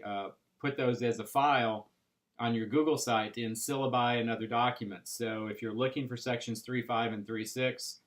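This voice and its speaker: A man teaching an algebra class, explaining step by step in a patient way with frequent pauses and "right?" checks. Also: medium pitch, fairly bright tone. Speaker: math instructor. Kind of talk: recorded classroom lecture.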